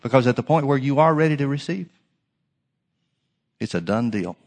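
A man's voice: mid-range voice, expressive, moderate pace. Emphatic preaching man in a reverberant hall. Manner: emphatic preaching, swinging from loud to hushed. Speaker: pastor. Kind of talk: sermon.

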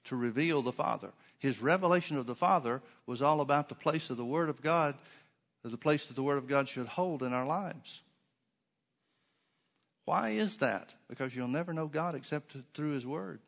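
A man's voice: fairly high pitch, moderate pace, gravelly, a bit bright. A man preaching a sermon to his congregation in a church, emphatic, with many rhetorical questions and repeated phrases. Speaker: pastor.

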